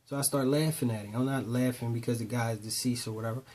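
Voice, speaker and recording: Brief: man, mid-pitched voice, conversational storyteller, voices the other people in his stories. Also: fairly even intonation, fast, a little mellow. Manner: conversational, retells dialogue in voices, repeats "boom". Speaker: storyteller addressing youth. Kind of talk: casual spoken storytelling.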